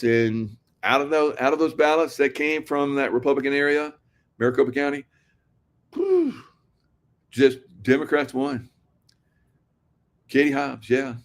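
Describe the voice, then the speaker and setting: A man talking casually to his viewers, rambling and sarcastic, laughing often. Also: medium pitch. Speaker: political commentary vlogger.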